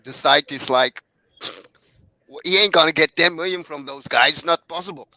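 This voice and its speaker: A man with a Caribbean accent calling into a show, speaking in halting, restarting sentences. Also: fairly high pitch, pushed and bright, no echo. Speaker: caller. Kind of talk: casual call-in chat.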